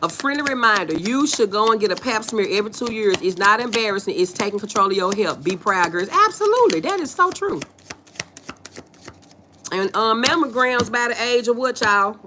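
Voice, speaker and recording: Against a noisy background, a woman with a medium-pitched voice and a Southern accent talks fairly quickly, hardly pausing, as she hosts a casual livestream. She animatedly reads the chat aloud and replies in a folksy, playful way, laughing often.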